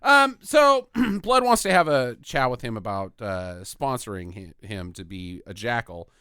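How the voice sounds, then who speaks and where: A man co-hosting a casual comedic movie review podcast, joking with quick asides. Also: mid-range voice, animated, pushed and bright, clear, resonant tone, dry recording, clean studio sound. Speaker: podcast co-host.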